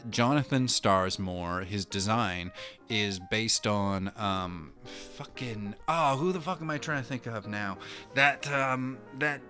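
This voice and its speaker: Male host, thirties, low-pitched, profane and rambling, casual monologue over faint music. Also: sharp tone. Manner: rambling, heavy swearing, self-interrupting. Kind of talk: casual comic-book monologue.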